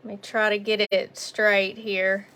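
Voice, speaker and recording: A woman's voice: mid-range voice, little pitch movement, measured pace, bright, forceful tone, slight background noise. A woman with a Southern accent leading a casual live painting lesson. She chats along and greets viewers by name. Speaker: painting instructor on a livestream. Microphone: phone on a mount.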